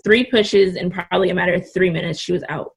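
A woman's voice: lowish voice, fairly even intonation, fast, husky. A young woman in her twenties, a podcast guest, telling a story in casual, candid, blunt talk and swearing freely. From California Bay Area.

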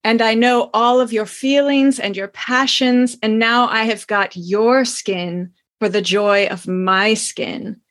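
A woman reading aloud as a seductive, languid aristocratic lady who speaks slowly and teasingly. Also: fairly high pitch, steady tone, fairly bright tone. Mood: purring, teasing. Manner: slow, purring and teasing. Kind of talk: dramatic reading of a novel.

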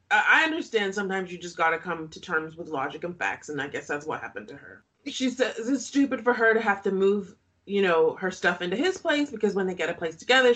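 Lively, laughing woman podcast host. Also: mid-range voice. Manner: laughs often, sarcastic asides. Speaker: podcast co-host recapping a reality show. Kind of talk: casual chat.

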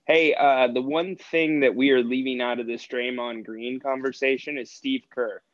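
A man's voice: mid-range voice, steady tone, normal speed, no room sound. Male radio co-host, argumentative casual talk, dull dry sound.

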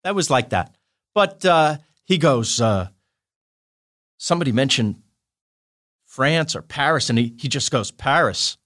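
Animated storytelling man, bright voice. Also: medium pitch. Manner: animated, excitable, quick to laugh. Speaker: guest, writer-producer. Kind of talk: anecdotal podcast storytelling.

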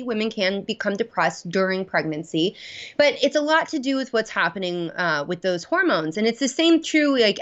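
A mid-pitched woman explains things in a chatty way, leaning on fillers and laughing as she goes. Her voice comes through a slightly dull, lo-fi line. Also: a bit bright. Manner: chatty, many fillers, laughs while talking. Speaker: guest doctor, mother. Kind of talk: casual interview explanation.

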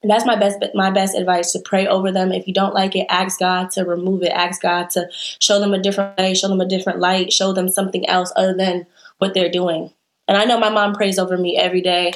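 A woman's voice: medium pitch, little pitch movement, fairly quick. A young woman, a guest in a casual interview, talking candidly and rambling with fillers and restarts.

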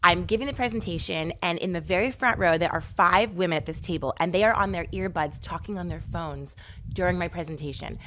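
Animated woman podcast host. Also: fairly low pitch. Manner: animated storyteller, emphatic. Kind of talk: casual interview chat.

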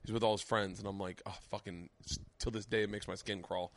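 Profane, animated male comedian storyteller. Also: on the low side, quick pace. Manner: profane, animated storyteller, loud bursts of laughter. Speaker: podcast host, comedian. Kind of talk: casual storytelling chat.

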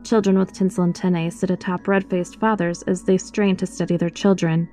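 With faint music in the background, a woman narrates a horror story in the first person, her delivery expressive and scripted. Her voice is fairly low and her pace a little fast.

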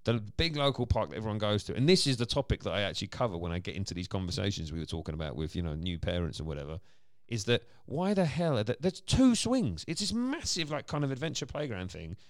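Fast, animated low-voiced man. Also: no echo, studio quality. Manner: animated, quick, laughs often. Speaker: podcast co-host, dad. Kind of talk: casual chat.

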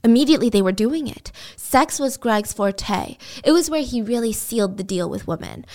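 A woman with a somewhat high voice recounts a true-crime case in a relaxed, chatty podcast style. She is expressive and animated, often slipping into quick impressions of the people involved. Her delivery stays conversational throughout. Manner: animated, expressive, acts out quotes. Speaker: podcast host. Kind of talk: casual true-crime storytelling.

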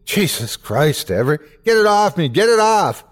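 A man's voice: medium pitch, lively intonation, normal speed, darkish tone, close to an everyday voice. A man doing a terrified captive begging frantically. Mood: panicked. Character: terrified bound man begging for his life.

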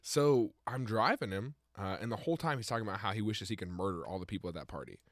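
Young man, casual storyteller, laughs a lot, low-pitched, dry close mic. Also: animated, quick pace, dry recording. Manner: laughs often while telling stories. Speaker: podcast co-host.

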